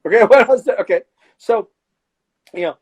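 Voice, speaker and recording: A middle-aged man, a therapist, talking casually in an interview and telling stories with lively acted-out exchanges. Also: sits high, moderate pace, husky, low-quality recording. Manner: animated storyteller who acts out his patients' voices.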